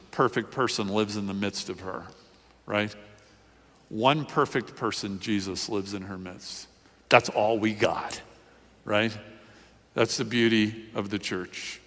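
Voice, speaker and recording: A man's voice: medium pitch, pushed and bright, in a large hall. A male pastor preaching a sermon in a loose, conversational way, full of fillers and questions to the congregation.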